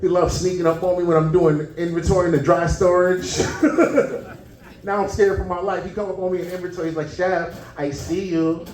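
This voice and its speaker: A man's voice: high-pitched, fairly even intonation, brisk, darkish tone. A man performing a stand-up comedy set, telling stories and acting out the people in them. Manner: storytelling, acting out characters. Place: comedy club stage with live audience. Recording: roomy, distant room recording with crowd laughter.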